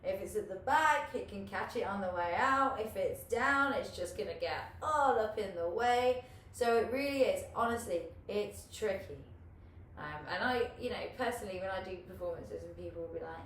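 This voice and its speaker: A woman's voice: medium pitch, lively intonation, moderate pace, a bit bright. Chatty woman coaching hoop, echoey room. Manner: chatty, encouraging, swears casually, laughs often. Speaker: hula hoop teacher. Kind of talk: live online class coaching. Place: home room, online class. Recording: echoey room, far from the mic, faint hiss.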